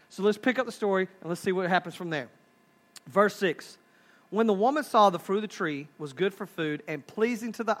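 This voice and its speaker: A pastor with a Texan accent, preaching a sermon in a folksy, humorous, animated storytelling style. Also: male voice, high voice.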